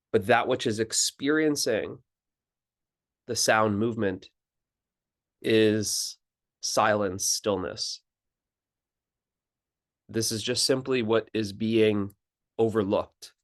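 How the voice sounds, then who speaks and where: Male spiritual teacher, lower voice, very slow and calm delivery with pauses. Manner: calm, unhurried, pauses and restarts phrases. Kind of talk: slow contemplative teaching talk.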